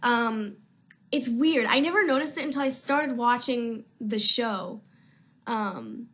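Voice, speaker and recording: A woman's voice: a little high, takes it slowly, fairly bright tone. A young woman actress chatting casually on a live video stream from home, answering fan questions in a rambling, easily sidetracked way.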